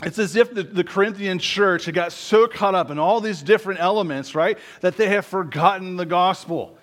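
A man preaching a sermon in a conversational way, often adding tag questions and dropping low and quiet on key words. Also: normal speed. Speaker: pastor.

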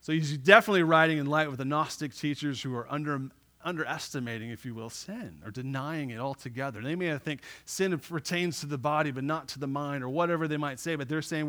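A man preaching a sermon to a congregation. He swings from loud declarations to soft, drawn-out words and keeps asking "right?". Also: fairly high pitch. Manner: asks the congregation "right?" often. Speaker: pastor.

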